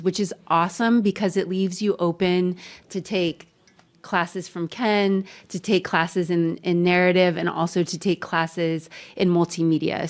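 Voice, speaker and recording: Smooth, lower-pitched radio-voiced woman. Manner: warm, laughing, conversational. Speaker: head of an audio journalism program. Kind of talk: open house panel talk.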